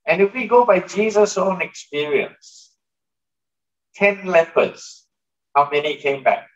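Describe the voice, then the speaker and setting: Man, pastor, casual sermon, asides to the congregation, slightly high pitch, dull lo-fi recording. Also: takes it slowly. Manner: conversational preaching with asides to the congregation. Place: church hall.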